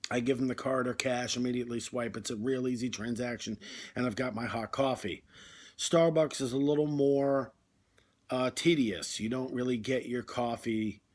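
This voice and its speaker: A man delivering a rambling, conversational comic monologue, full of fillers. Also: medium pitch. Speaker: comedy video host.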